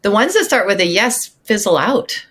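A woman guesting as a relationship coach, sharing advice in an upbeat, quick conversational way. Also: medium pitch, big pitch swings, fairly bright tone, breathy edge. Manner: upbeat and advice-giving, speeds up when making a point. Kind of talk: casual conversational interview.

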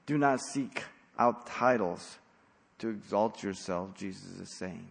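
A man's voice: lowish voice, takes it slowly, gravelly. Blunt preaching man in a reverberant hall. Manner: emphatic, blunt preaching with sudden loud emphasis. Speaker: pastor. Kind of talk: expository sermon.

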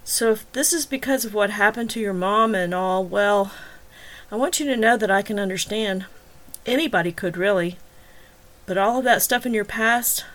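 A woman's voice: medium pitch, fairly bright tone, natural voice. A woman reading the lines of a worried middle-aged male detective, blunt and pressing in an interrogation.

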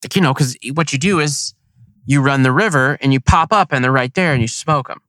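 A man casually telling a hunting story on a podcast, animated and slangy, acting out his own thoughts. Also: mid-range voice, brisk, dry recording.

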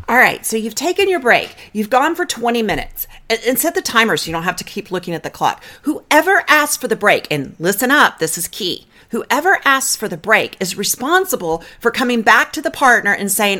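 Lively, direct woman therapist giving advice. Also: mid-range voice, moderate pace. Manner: direct, coaching, guides breathing counts. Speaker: marriage therapist and podcast host. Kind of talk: podcast advice talk.

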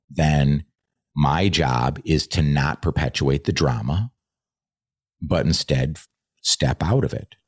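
A man's voice: very deep voice, a little mellow, breathy edge, dry recording, clean studio sound. A man who trains leaders, talking earnestly in a podcast conversation and swearing freely.

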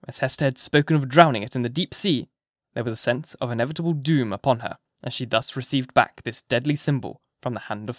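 A man narrating a classic novel as an audiobook in a measured, expressive reading. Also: mid-range voice, no echo, studio quality.

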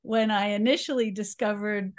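A woman in her sixties from New York City, a cooking teacher with a New York accent, chats as a guest in a casual interview. Her mid-range voice holds a steady tone at a moderate pace, and she laughs often and uses plenty of fillers.

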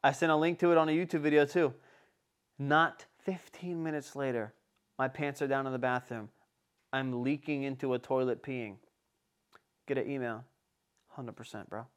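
A young man telling a story in casual chat, animated and swearing a lot. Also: medium pitch, moderate pace, long pauses, smooth. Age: young adult.

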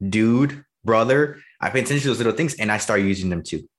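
A man in his early twenties, a salesperson talking in a casual conversation, energetic and animated, laughing often. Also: on the low side, very fast. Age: early 20s.

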